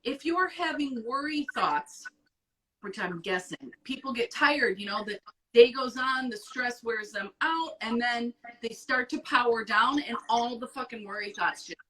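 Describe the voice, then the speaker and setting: A woman hosting an advice show in casual chat, blunt and profane, talking with animated emphasis. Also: a little high, unhurried, distant mic, poor audio.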